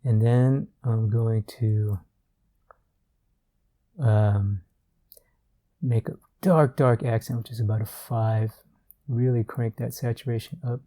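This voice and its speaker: A man giving a relaxed art tutorial while he works, thinking aloud with fillers and repeated words. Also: medium pitch, takes it slowly, long pauses. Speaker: art instructor.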